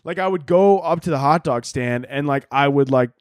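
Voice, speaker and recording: A man's voice: a little high, normal speed, no echo, clean studio sound. A man from the Chicago area hosting a casual solo podcast, rambling and swearing with lots of filler words. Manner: profane, rambling, filler-heavy. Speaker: podcast host.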